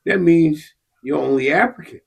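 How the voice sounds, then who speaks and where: A man's voice: fairly high pitch, normal speed, gravelly, slightly rough. A man in casual conversation, blunt and profane, speaking in short emphatic bursts.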